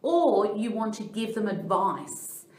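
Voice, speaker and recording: A woman's voice: mid-range voice, lively intonation, takes it slowly, darkish tone. A middle-aged Australian woman, a life coach, explaining ideas earnestly in a training talk and telling personal stories. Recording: echoey room.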